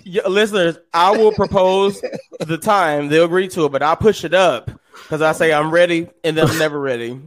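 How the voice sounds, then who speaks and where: A man co-hosting a casual recap podcast, loud and playful, laughing often and slipping into impressions. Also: a little high, moderate pace. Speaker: podcast co-host.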